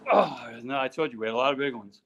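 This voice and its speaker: A man's voice: medium pitch, quick pace, fairly bright tone, a little hiss or hum. A middle-aged man co-hosting a live stream, reading out names in a casual, joking way with lots of fillers. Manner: chatty, joking, many fillers. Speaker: co-host reading out purse makers' names.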